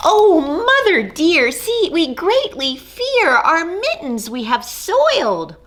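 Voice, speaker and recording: A woman's voice: very high-pitched, sing-song, takes it slowly, fairly bright tone, voice pushed up, heavily acted. A woman voicing three small, fretful kittens in a whiny, sing-song plea at a children's storytime. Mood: pleading.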